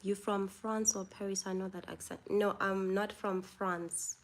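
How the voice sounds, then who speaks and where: South African woman hosting a live chat, unhurried, reads comments aloud and answers them. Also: mid-range voice, fairly even intonation, slight background noise. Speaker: livestream host.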